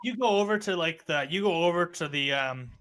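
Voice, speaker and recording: A man's voice: on the high side, animated, a little fast, a bit bright. A man narrating as game master of a tabletop game, hesitant and full of ums.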